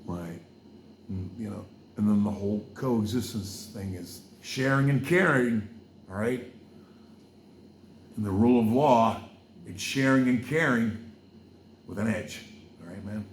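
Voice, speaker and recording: Welsh guy, low gravelly voice, slow and rambly, podcast host preaching a bit, lots of ums. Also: roomy sound, a little hiss or hum. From Wales. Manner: loose and digressive, with many fillers and asides. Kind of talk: rambling casual monologue with preaching.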